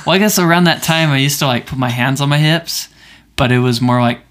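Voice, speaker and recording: A man's voice: medium pitch, brisk, fairly bright tone. A man in his twenties co-hosting a casual podcast, telling stories in a playful, joking way. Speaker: podcast co-host. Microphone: studio microphone.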